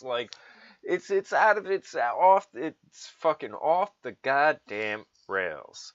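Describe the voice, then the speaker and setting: Male commentator, slow drawling sarcastic rant, swearing, dull low-fi sound. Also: very animated, a bit bright. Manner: sarcastic, profane, mocking voices. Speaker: political commentator. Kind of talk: ranting political commentary.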